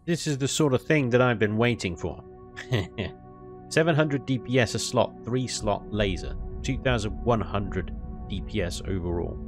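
A man giving casual, animated commentary on his gameplay, ranting and laughing with mild swearing. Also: on the low side, unhurried, soft background music. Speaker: gaming YouTuber.

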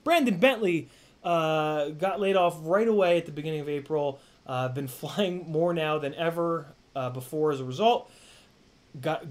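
A man's voice: mid-range voice, a little mellow. Rambling casual young man streaming. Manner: rambling, many fillers and restarts, swears casually. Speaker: live-stream host reading donations. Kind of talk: casual live-stream chat.

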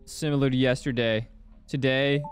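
A man's voice: medium pitch, steady tone, moderate pace, soft background music. A young man gives jumpy commentary while playing a horror game, talking to himself and swearing now and then. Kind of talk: gameplay commentary.

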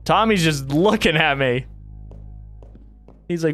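A man streaming a horror game, thinking aloud to himself and reacting in a jumpy, excitable way. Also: fairly high pitch, measured pace, soft background music. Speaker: gaming streamer. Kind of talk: let's play commentary.

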